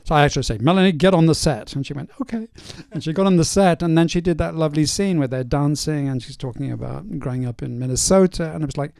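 An older male film director in a casual stage Q&A, telling anecdotes in a relaxed way with many fillers. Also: a little high, quick pace, creaky, few pauses, dry recording. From North East England. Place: cinema auditorium.

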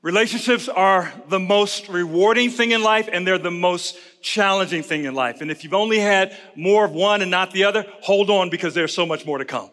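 A pastor preaching a conference sermon, emphatic and repetitive, calling on the audience to repeat words back. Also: male voice, high voice, moderate pace, hardly any pauses, a bit bright. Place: large conference hall. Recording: long reverb of a large hall.

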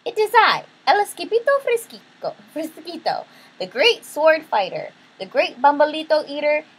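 A woman's voice: high-pitched, big pitch swings, normal speed, pitched above the performer's own voice, poor audio. A woman voicing a mischievous young tomcat kitten who thinks he is a chihuahua, with a boastful, bouncy, grandiose manner, storybook style.

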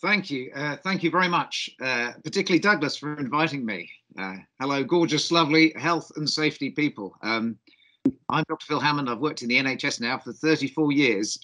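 A man's voice: fairly high pitch, fairly quick, pushed and bright. A middle-aged man with a faint Australian twang, giving a cheeky, jokey conference keynote as a doctor over a video call. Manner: cheeky, jokey, self-deprecating.

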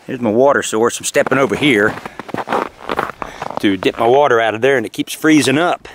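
Camping in snowy woods, an outdoor vlogger chats cheerfully to the camera in casual narration. His voice sits at medium pitch with a moderate pace, and there's background noise.

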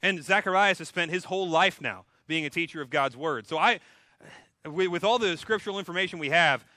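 Pastor guy preaching casual and jokey, bright high voice, dry close sound. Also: fairly quick, no room sound. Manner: casual, humorous storytelling. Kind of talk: sermon. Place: church.

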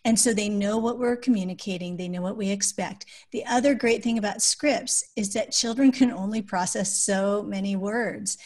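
A woman on a podcast calmly explains her parenting approach through practical examples. Her voice sits at a middle pitch, and she lowers it to a soft, gentle tone whenever she quotes phrases she uses with children. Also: normal speed, hardly any pauses. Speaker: guest, adoptive parent and author. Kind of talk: podcast interview conversation.

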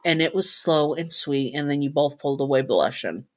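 Brief: woman storyteller, casual and chatty, low voice, stops to correct herself. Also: animated, moderate pace. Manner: chatty, self-correcting asides. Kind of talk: casual fan-fiction narration.

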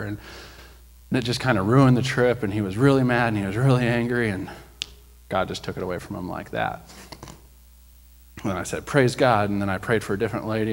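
A man preaching in church, telling a story with lively energy and acting out the people in it. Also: on the low side, slight background noise. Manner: animated storyteller, acts out quoted voices, rises loud when preaching. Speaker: preacher sharing a testimony. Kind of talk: sermon storytelling.

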